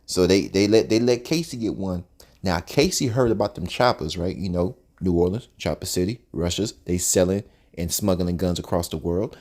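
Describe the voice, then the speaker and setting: A man telling a story in a casual, animated, conversational way, with frequent cursing. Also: low voice, normal speed.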